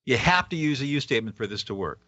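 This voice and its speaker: A man's voice: mid-range voice, lively intonation, quick pace, bright, forceful tone, dry recording, dull audio. A man, a guest author on a radio interview, explaining a method earnestly and at times acting out example dialogue.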